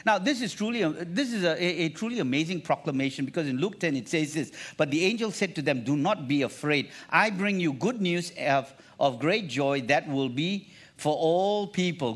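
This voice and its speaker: A man's voice: on the high side, moderate pace. A man preaching a sermon to a congregation, reading scripture and restarting phrases, often calling for the crowd to repeat after him. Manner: animated, repeats phrases, calls for congregation response. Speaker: pastor.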